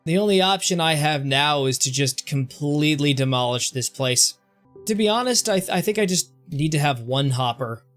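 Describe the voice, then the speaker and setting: A man's voice: a little high, lively intonation, normal speed, fairly bright tone, soft background music. Stammering young man narrating his game. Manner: self-mocking, frequent stammered restarts. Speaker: gaming streamer. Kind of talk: casual gameplay commentary.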